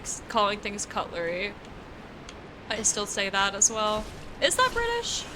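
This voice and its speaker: A woman's voice: mid-range voice, noisy background. A young woman from the United States with an East Coast accent, chatting casually with her chat while gaming, laughing often and swearing offhandedly. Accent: American East Coast. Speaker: streamer.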